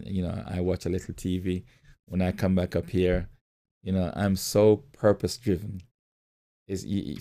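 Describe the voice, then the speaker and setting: Male pastor, middle-aged, low and gravelly, mellow tone, storytelling sermon delivery. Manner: storytelling, repeats phrases, acts out quoted voices. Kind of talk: motivational sermon talk.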